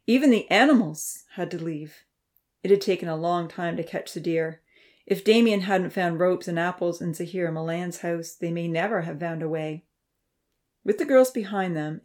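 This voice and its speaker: A woman reading a children's novel aloud in a steady, measured narration. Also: lowish voice. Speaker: audiobook narrator. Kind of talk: storybook narration.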